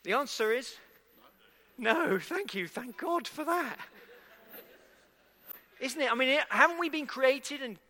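A man's voice: extremely high pitch, sharp tone. A man preaching a sermon to a congregation, talking conversationally and asking them questions. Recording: echoey hall with long reverb.

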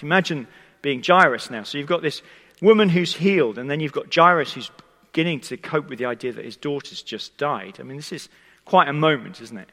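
A man's voice: a little high, lively intonation, fairly quick, bright, forceful tone. A man preaching a sermon, telling the story conversationally and speaking directly to the congregation. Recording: long hall reverb.

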